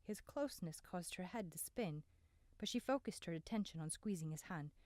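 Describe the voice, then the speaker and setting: A woman narrating a novel in an even, measured reading voice, close to the mic. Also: on the low side, no echo. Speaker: audiobook narrator. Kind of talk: scripted narration.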